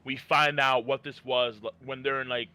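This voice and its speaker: Bright-voiced profane podcast co-host, man. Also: mid-range voice, moderate pace, clean tone. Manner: animated, profane, lots of fillers. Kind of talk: casual podcast chat.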